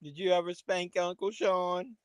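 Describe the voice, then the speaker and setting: Man, host, casual watch-along commentary, wry jokes, smooth clear voice, dry close mic. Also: sits high, steady tone, moderate pace, dry recording. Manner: wry, joking asides, chatty.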